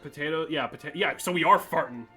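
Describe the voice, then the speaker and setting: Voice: medium pitch, fast talker, bright, forceful tone. A streamer chatting casually over a game, swearing freely, laughing often and reading the game's text and a recipe aloud. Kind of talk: casual let's-play banter. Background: game music.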